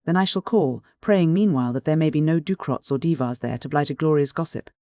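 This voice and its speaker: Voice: medium pitch, brisk, darkish tone, no room sound, clean studio sound, lightly acted. An audiobook narrator voicing a courteous, self-possessed young nobleman who is politely evasive.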